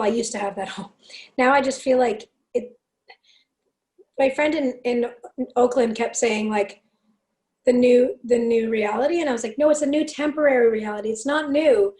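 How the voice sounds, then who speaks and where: A woman with a raspy voice, a singer guesting on a podcast, telling stories excitedly and swearing freely. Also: fairly high pitch. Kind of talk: casual chat.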